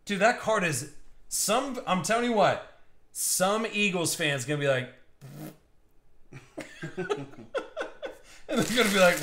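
A man in his thirties hosting a live card break stream, excited and joking with viewers. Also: high-pitched, takes it slowly, long pauses. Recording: echoey room.

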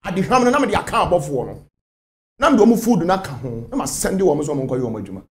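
A man from Ghana speaks as a spiritual leader in an interview. His voice sits high and swings widely in pitch. He talks emphatically, hammering on repeated phrases. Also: big pitch swings, quick pace, a little mellow. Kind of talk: interview answers.

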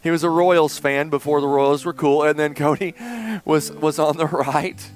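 A middle-aged man preaching a sermon in church, telling a personal story and swinging between loud emphasis and hushed, tender passages. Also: fairly high pitch, level tone, moderate pace, soft background music. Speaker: pastor. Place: church sanctuary.

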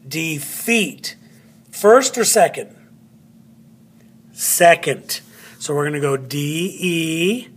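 A man teaching a phonics lesson at a board, repeating words and spelling them out letter by letter. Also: fairly high pitch. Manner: slow, drawn-out words, spelling letters aloud; repeats words to stress syllables.

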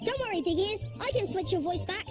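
A voice actor playing Noddy, a cheerful young toy boy in an animated children's cartoon, talking in an eager, bouncy, helpful way. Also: very high voice, a little fast. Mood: upbeat. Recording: music playing loudly underneath.

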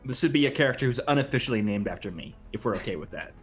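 A man's voice: lively intonation, racing, soft background music. A man co-hosting a game live stream in casual chat, joking around and reading chat suggestions aloud. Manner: joking, pitches ideas, reads chat aloud. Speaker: streamer co-host.

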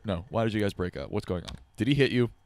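A man in his twenties giving casual, animated commentary while playing a game, swearing and reacting out loud. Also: on the low side, quick pace. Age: 20s. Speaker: let's play host. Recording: audible keyboard typing and clicks.

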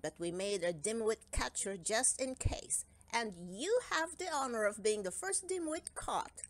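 A woman's voice: a little high, expressive, unhurried. A woman reading aloud and voicing a teasing, mischievous male forest elf.

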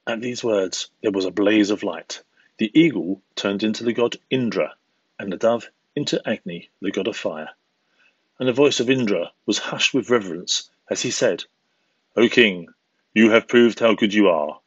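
Deep-voiced man reading a fable. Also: husky, no echo, lo-fi sound. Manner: measured, expressive reading. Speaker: school assembly storyteller. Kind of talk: storybook reading.

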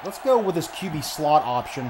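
A man's voice: on the high side, big pitch swings, normal speed, crowd noise. A man giving casual, laid-back commentary on a video game, thinking aloud as he browses menus and plays.

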